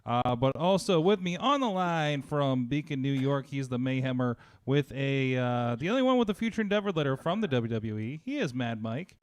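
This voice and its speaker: A man's voice: mid-range voice, lively intonation, normal speed, hardly any pauses, clean tone. A man hosting a casual wrestling talk show, chatty, with lots of fillers and restarts. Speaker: podcast host. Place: home studio. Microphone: close studio mic.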